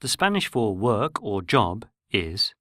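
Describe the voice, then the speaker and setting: A man giving scripted, measured narration for a pronunciation lesson. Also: on the low side, sing-song, fairly bright tone, no echo, clean studio sound. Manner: measured, explanatory. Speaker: language course narrator.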